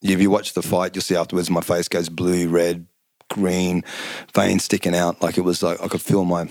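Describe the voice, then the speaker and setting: A middle-aged man, casually telling lively stories as a podcast guest and acting out the quotes. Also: low voice, normal speed, no room sound. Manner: animated storyteller, acts out quotes, laughs often. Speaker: guest, former kickboxing champion. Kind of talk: casual storytelling chat.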